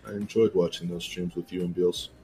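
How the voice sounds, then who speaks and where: A man's voice: low-pitched, level tone, a little fast, a crowd in the background, rough recording. A man in a casual stream chat who talks hesitantly, searching for words, with faint music in the background. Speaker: guest.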